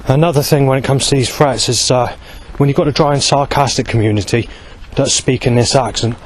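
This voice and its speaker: A man's voice: mid-range voice, fairly even intonation, a little fast, rough recording. Agitated man in his forties rambling outdoors. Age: 40s. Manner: agitated, aggrieved, repeats and restarts himself. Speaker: vlogger. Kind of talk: rambling outdoor monologue to camera. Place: outdoors by a road under a bridge. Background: passing traffic.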